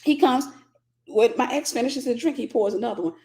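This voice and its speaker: A woman's voice: a little high, brisk, darkish tone. A woman teaching and mentoring online, telling a personal story in a chatty way with asides to her viewers. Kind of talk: casual storytelling to a live audience.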